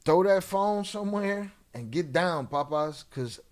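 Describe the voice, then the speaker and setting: A man's voice: high voice, lively intonation, measured pace. A man hosting a live show, giving casual, profane commentary in street slang on crime videos. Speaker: host.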